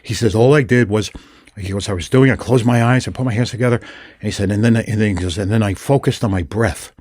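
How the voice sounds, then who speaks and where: An older man hosting a podcast, chatting casually and retelling his encounters with lively storytelling. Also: fairly low pitch, quick pace, dry recording, studio quality. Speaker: podcast host. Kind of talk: casual conversation.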